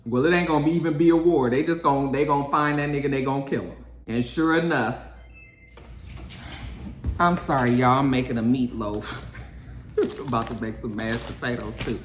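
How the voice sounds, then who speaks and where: A TV show reviewer chatting casually through an episode recap while cooking at home, animated, with frequent "okay"s. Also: mid-range voice, normal speed, long pauses, slight background noise. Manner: animated storytelling, tag-on okays. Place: home kitchen. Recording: echoey room.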